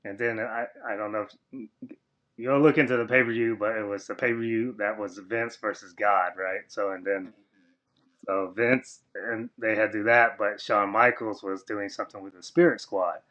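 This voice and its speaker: A man, a former wrestler, telling a long story as a podcast guest, with lots of fillers, and he jumps high and loud when he quotes other people. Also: steady tone, normal speed. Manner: rambling, filler-heavy, acts out quoted voices high and loud. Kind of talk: casual storytelling interview.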